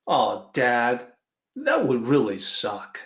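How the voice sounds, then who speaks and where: A man's voice: medium pitch, huge pitch swings, slow, fairly bright tone, full character voice. A man voicing a curious, indignant young lion cub who asks pleading questions, in a teaching story. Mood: conceding. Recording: roomy, dull lo-fi audio.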